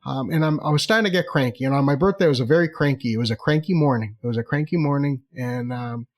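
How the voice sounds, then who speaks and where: A man telling a personal story in a chatty, animated way, repeating phrases for effect. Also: medium pitch, quick pace.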